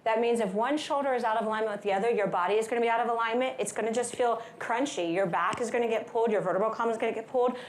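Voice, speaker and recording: A woman giving an energetic, upbeat wellness talk at a conference, leading the audience through stretches and breathing with playful asides. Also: on the high side, very fast, hardly any pauses, reverberant. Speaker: wellness speaker. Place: large conference hall.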